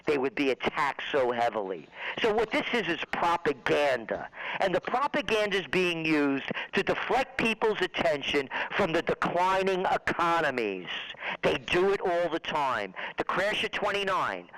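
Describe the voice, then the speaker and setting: Indignant fast-ranting man, high voice. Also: a bit bright, poor audio. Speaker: trends forecaster guest. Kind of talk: radio phone interview.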